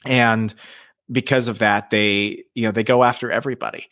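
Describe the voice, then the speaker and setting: A man with a fairly low voice and moderate pace tells ghost stories as a podcast guest, casual and profane, animatedly acting out quotes from the people involved. The recording is dry and studio quality.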